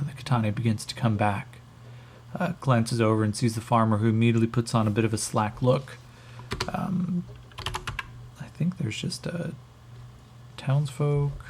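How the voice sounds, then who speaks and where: A man narrating a solo tabletop game as game master, thinking aloud, halting and swearing as he rolls. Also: medium pitch, gravelly, background noise.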